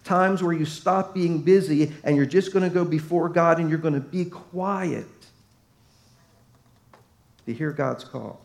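A man's voice: on the high side, unhurried, gravelly, a little mellow. A man preaching a sermon as pastor, emphatic, his voice swelling and dropping to drive points home.

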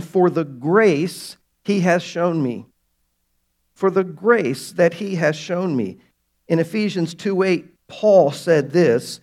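A man pastor preaching a sermon to his congregation, emphatic and slowing down to stress key words. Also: high voice. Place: church sanctuary.

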